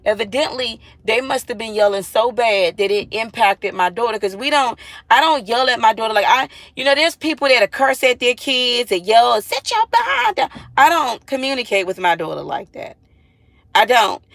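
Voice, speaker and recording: A woman's voice: on the high side, normal speed, a bit bright, no echo, low-quality recording. A mother talking to viewers in a casual vlog monologue, earnest and emphatic, repeating herself and pleading with listeners.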